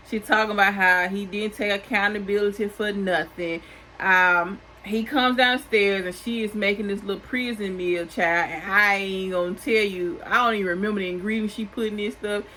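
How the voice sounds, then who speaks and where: A woman's voice: medium pitch, bright, forceful tone, low-quality recording. Woman doing a sassy casual tv recap, aave, regular mid voice, a little hiss behind. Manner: chatty, sassy asides. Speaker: recap host.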